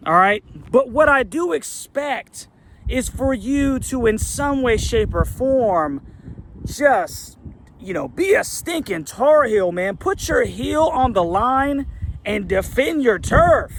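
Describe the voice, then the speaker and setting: A middle-aged man rants with a raised, gravelly voice, full of exasperation. He fires off rhetorical questions as an angry sports fan commentator, heated from start to finish. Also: extremely high pitch, fairly bright tone, slight background noise.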